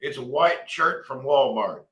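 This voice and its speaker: A man's voice: mid-range voice, expressive, unhurried, a crowd in the background. A man hosting a casual livestream, joking in a folksy way and reading viewer comments aloud. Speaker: livestream host. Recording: echoey room.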